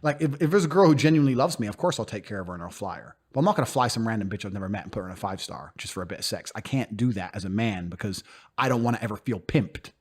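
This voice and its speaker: Fast, animated, blunt-talking man. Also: fairly low pitch, slightly rough. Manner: blunt, emphatic, swears freely; acts out quoted speech in put-on voices. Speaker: podcast guest. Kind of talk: casual conversational interview.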